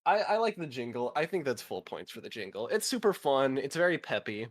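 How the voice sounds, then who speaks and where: A man's voice: mid-range voice, sing-song, fairly quick. A man in his twenties chatting casually with a friend, swearing now and then and reading facts aloud. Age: 20s. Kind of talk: casual chat.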